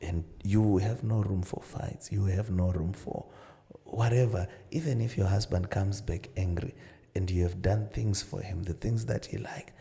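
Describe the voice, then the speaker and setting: A middle-aged man talks through marriage advice in a relaxed podcast conversation. His voice sits low with a heavy gravelly fry and a dark, mellow tone. He tells stories earnestly and acts out both sides of the dialogue. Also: a little slow. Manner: earnest storytelling with many "you know" asides, acting out dialogue. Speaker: marriage counsellor and pastor, podcast guest. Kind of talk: casual advice-giving conversation.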